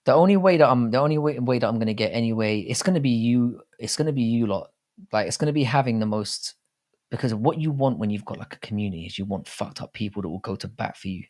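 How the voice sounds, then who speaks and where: The young English host of a live chat stream speaks fast in a mid-range, somewhat dark voice with lively intonation. With his English accent, he rambles casually, swears often and reads comments from viewers aloud.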